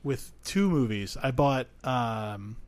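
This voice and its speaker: Casting: joking male podcast co-host, middle pitch, loose banter. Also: animated, slow pace. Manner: teasing, jokey, swears casually. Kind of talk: casual film chat.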